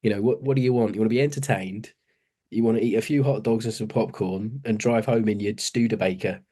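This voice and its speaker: Man, podcast co-host, low-pitched, chatty and laughing, acts out scenes. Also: steady tone, a little fast, warm tone. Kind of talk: casual chat.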